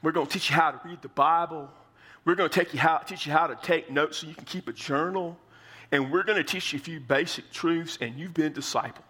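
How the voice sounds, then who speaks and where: Male pastor, bright voice, chatty emphatic sermon delivery with acted-out quotes. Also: fairly quick, breathy edge. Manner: conversational, emphatic, acts out quotes with shifting pitch.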